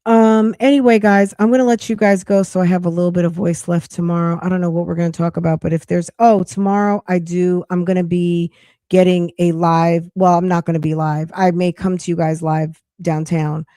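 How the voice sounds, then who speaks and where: A woman's voice: on the low side, level tone, a little fast, mellow, no echo, studio quality. A woman hosting a casual live podcast chat, rambling with restarts and saying she is losing her voice. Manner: chatty, rambling with frequent restarts. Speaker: podcast host.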